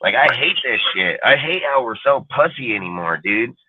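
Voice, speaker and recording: A man's voice: medium pitch, expressive, a little fast, breathy edge, no echo. A man ranting bluntly and profanely in a casual podcast chat. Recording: dry phone-line sound.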